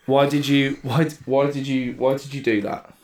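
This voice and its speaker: A man hosting a casual podcast chat, lively, playful and sweary. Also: mid-range voice, moderate pace.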